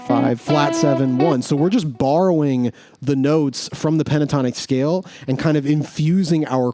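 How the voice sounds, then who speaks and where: A man teaching guitar in a casual, relaxed way, talking through note names as he demonstrates. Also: mid-range voice, no room sound. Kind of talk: casual instructional explanation.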